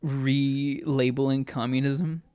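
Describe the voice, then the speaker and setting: A man's voice: medium pitch, level tone, takes it slowly, mellow, clean tone, no room sound, studio quality. A man co-hosting a podcast in casual chat, rambling and often restarting his sentences. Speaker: podcast co-host.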